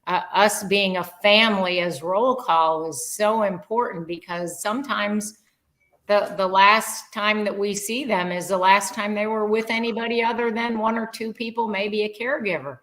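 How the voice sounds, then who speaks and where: A woman's voice: medium pitch, steady tone, normal speed, a bit bright, low-quality recording. An older woman, a podcast guest, telling a heartfelt story in an earnest, rambling way with many fillers. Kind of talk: casual conversational storytelling.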